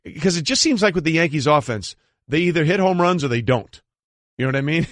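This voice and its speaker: A man's voice: on the high side, animated, fast talker, fairly bright tone, no room sound. A man co-hosting a sports radio show, chatting casually and joking at his own expense. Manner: conversational, self-deprecating. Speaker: radio co-host.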